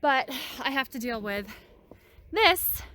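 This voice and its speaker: A woman's voice: fairly high pitch, animated, normal speed, a bit bright, slight background noise. A woman on her farm, venting frustration in a casual vlog while out of breath from hard work outdoors. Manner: exasperated, venting. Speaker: farm vlogger.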